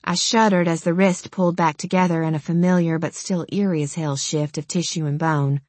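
A woman's voice: fairly low pitch, fairly even intonation, fairly quick, a little mellow, no room sound. A woman narrating an audiobook in the first person, in a wry, conversational and casually profane manner.

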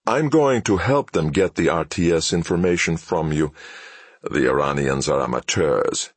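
A man voicing a ruthless male terrorist captor who speaks in a cold, mocking and deliberate way. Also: a bass voice, expressive, husky, dry recording, heavily acted.

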